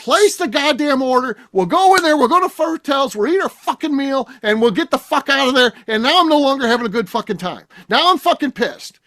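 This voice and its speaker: Brief: middle-aged male host, high-pitched, profane exasperated rant. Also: lively intonation, a little fast, few pauses, bright, forceful tone. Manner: ranting, heavy swearing, exasperated. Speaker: podcast host. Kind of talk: casual profane chat.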